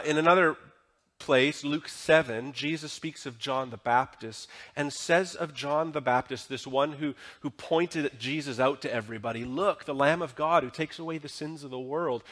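Guy pastor preaching in church, kinda high voice, chatty, keeps asking the crowd stuff. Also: normal speed, fairly bright tone. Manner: conversational, asks the congregation questions. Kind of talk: sermon. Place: church sanctuary.

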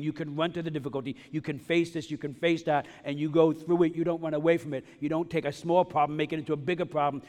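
Man preaching in a reverberant sanctuary. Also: on the high side. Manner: emphatic, repetitive preaching with humorous asides. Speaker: pastor. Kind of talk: sermon. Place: church sanctuary. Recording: long reverb of a large hall.

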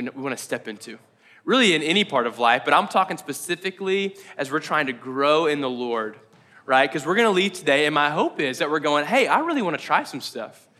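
High, bright-voiced pastor man. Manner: joking, conversational, laughs often. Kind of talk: casual sermon.

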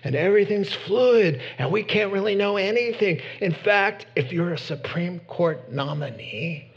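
A man preaching a sermon in an animated, emphatic way, with sudden loud bursts. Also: sits high, a little slow, dull audio. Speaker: pastor.

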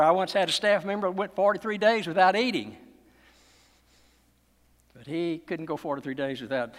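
A man preaching a sermon as pastor, with emphatic, dramatic delivery and pauses. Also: sits high, a bit bright. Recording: long echo of a large hall.

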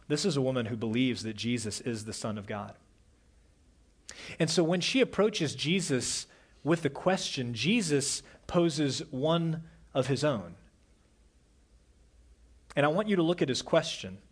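A middle-aged male pastor preaching an earnest sermon, dropping to a soft hush on key words. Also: fairly high pitch, slightly rough.

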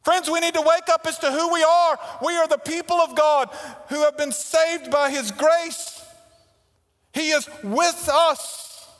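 A man preaching a sermon, swinging between forceful emphasis and hushed, intimate lines. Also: very high voice, fairly even intonation, a little slow. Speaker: pastor. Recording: reverberant hall.

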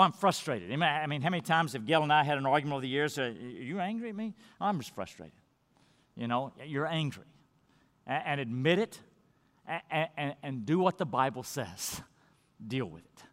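A man preaching a sermon as pastor, swinging between loud, emphatic peaks and hushed, quiet lines. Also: medium pitch. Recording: long reverb of a large hall.

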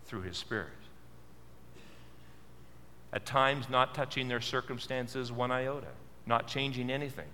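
A man's voice: mid-range voice, bright, forceful tone, big-room sound, a little hiss or hum. A male pastor preaching a sermon, earnest and full of questions, repeating words for stress. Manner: earnest, asks many questions.

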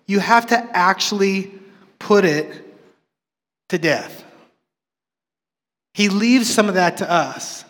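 A man's voice: high voice, slow pace, pauses often, fairly bright tone, in a large hall. A man in his forties preaching a sermon, telling a candid, self-deprecating story with frequent restarts. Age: 40s. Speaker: pastor.

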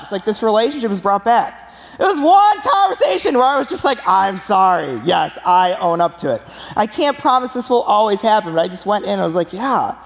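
A young man preaching a sermon in a church, telling stories with an animated, laughing delivery. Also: high voice, in a large hall. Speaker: pastor.

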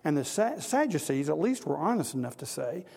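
A man's voice: a little high, big pitch swings, a little fast, creaky, a little mellow, slightly rough, long reverb tail. A man preaching a sermon to an audience of men, earnest and exhorting, building to emphatic repetition.

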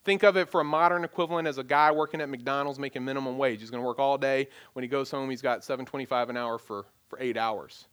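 A man's voice: mid-range voice, steady tone, quick pace, few pauses, a bit bright. A man preaching a sermon in a conversational way, acting out the people in the story as he goes. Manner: conversational, acts out quoted voices, frequent restarts. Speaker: pastor.

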